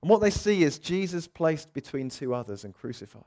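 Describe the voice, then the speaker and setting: Male preacher, expressive sermon delivery, acts out quoted voices, loud-to-soft swings. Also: fairly high pitch, fairly quick.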